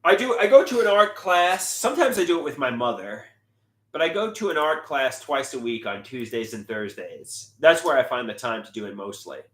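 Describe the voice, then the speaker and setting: A man on a livestream showing his artwork, talking in a dramatic, halting way. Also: medium pitch, very animated. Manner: dramatic, halting, shifting voices. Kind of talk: livestream chat. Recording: roomy echo.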